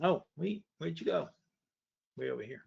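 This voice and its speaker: A man's voice: on the high side, animated, normal speed, vocal fry, breathy edge, lo-fi sound. A man hosting a live webinar, commenting casually and bluntly on markets, thinking aloud with trailing, restarted sentences and the odd curse. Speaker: webinar host.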